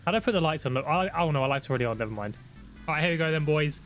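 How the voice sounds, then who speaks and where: A young man giving excitable, laddish commentary on a road trip game with friends. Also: fairly high pitch, racing, faint music behind. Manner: excitable, shouts when startled, laddish banter. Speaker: gaming YouTuber. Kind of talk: casual gameplay commentary.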